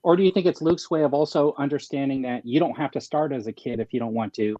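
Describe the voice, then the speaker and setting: A man co-hosting a live fan talk show, animated and jokey. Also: mid-range voice, fast talker, dry recording, dull audio. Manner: animated, jokey, laughs while talking. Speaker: co-host.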